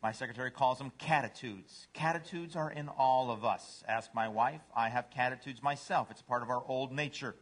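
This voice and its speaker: A man's voice: medium pitch, normal speed, few pauses, a bit bright. A middle-aged male pastor preaching a sermon, jumping into playful voices for cats and dogs.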